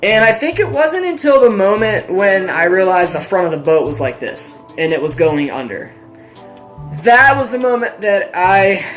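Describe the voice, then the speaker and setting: Animated self-mocking man. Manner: animated, self-deprecating, with big pitch swings. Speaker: storyteller vlogger. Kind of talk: casual personal storytelling.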